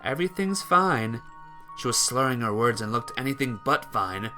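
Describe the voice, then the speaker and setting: A man reading a visual novel aloud in a let's play, with lively delivery and occasional stumbles and restarts. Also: medium pitch, a little fast, soft background music.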